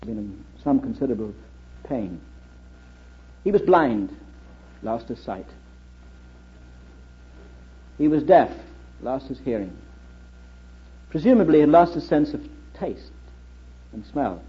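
A man's voice: mid-range voice, expressive, a little slow, long pauses. A middle-aged man giving a public lecture as a historian, telling stories and asking his audience rhetorical questions. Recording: dull lo-fi old recording.

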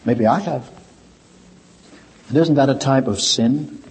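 An older Irish man delivers a slow sermon in a reverberant hall, telling stories. He swings between quiet, low asides and raised, emphatic points.

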